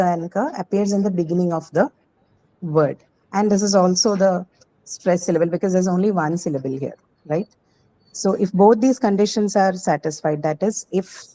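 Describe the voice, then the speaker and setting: A woman's voice: fairly low pitch, dark tone, poor audio. A woman teacher explaining a grammar point patiently in an online class, often checking in with the students. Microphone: video call.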